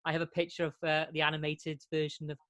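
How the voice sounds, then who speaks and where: A man's voice: fairly high pitch, completely flat delivery, fast talker, pushed and bright, no echo. A man co-hosting a podcast in casual chat, rambling with frequent restarts and laughter. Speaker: podcast co-host.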